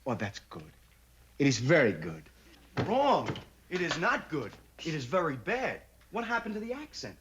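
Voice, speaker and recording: A bossy theatre director. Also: male voice, on the high side, wildly swooping pitch, moderate pace, background noise. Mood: brusque. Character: bossy male theatre director, hot-tempered. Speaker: director of a stage show. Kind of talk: 1960s sitcom acting.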